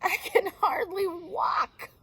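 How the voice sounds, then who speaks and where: A woman's voice: very high-pitched, fairly even intonation, slow pace, sharp tone, pitched above the performer's own voice, heavily acted. A woman voicing a small, hurt male bird who wails and sobs in a storybook reading. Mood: tearful. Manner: wailing, tearful.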